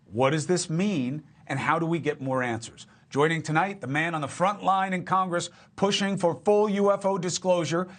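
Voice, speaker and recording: Male TV host, fairly high voice, direct, pressing questions. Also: normal speed, few pauses. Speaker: TV news host. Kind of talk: TV news interview.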